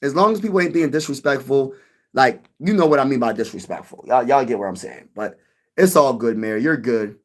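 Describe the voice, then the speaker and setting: A man hosting a casual sports live stream, chatting with viewers in an animated way and often repeating himself. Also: medium pitch, fairly quick. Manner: animated, repeats himself, addresses chat directly.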